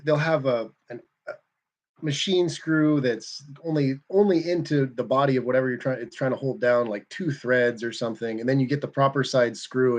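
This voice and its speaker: A man hosting a car livestream in casual, rambling, self-deprecating chat. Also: medium pitch.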